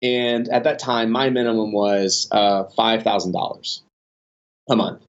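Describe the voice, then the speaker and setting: A man guesting on a podcast shares business anecdotes in a lowish voice and at a measured pace. His casual telling rambles, full of restarts and fillers, yet turns animated, and the recording is muffled.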